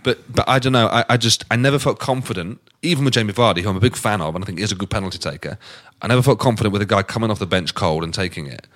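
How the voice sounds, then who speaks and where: A man's voice: lowish voice, racing, hardly any pauses, a bit bright. A man hosting a football podcast, talking in a conversational way with hesitant restarts. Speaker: podcast host. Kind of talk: casual podcast chat.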